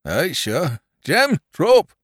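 A man voicing a rough country farmhand who speaks in blunt old dialect. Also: a little high, very animated, measured pace, fairly bright tone, no echo, clean studio sound, pitched above the performer's own voice. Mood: calling out.

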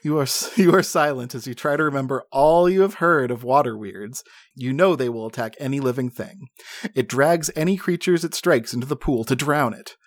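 A man's voice: mid-range voice, moderate pace, no echo, clean studio sound. A man reading an adventure gamebook aloud to friends, dramatic but often breaking into laughs and asides. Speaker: game narrator.

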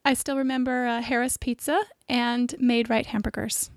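Woman, host chatty interviewer, slightly high voice, dry sound, laughs easily. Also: little pitch movement, moderate pace, dry recording. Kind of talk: casual faith conversation.

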